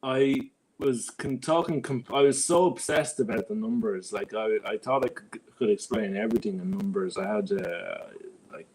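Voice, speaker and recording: Casual male guest, thinks aloud with restarts; faint noisy rumble under the voice. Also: moderate pace, a little mellow. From Ireland. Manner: rambling, reflective, many restarts. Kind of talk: casual podcast conversation.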